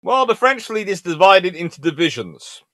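A man's voice: high-pitched, moderate pace, no room sound. A man hosting a casual history livestream, reading out lists of ships and chatting with viewers. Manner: lively and chatty, reading names in a sing-song list. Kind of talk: casual lecture reading ship lists and answering chat.

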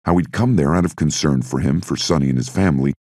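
A man reading an audiobook in a steady, measured narration. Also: a bass voice, no room sound, clean studio sound.

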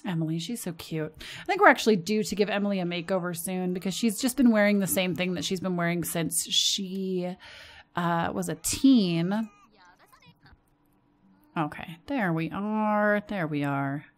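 An American woman gives relaxed let's-play commentary in an everyday voice. She chats straight at her game characters and jumps into sudden bursts of excitement. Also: on the low side, moderate pace. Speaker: gaming channel host.

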